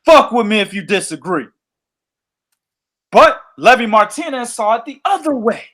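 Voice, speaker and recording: A man hosting a boxing podcast, telling stories in an animated, profane way. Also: high voice, moderate pace. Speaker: podcast host. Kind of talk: casual boxing podcast chat.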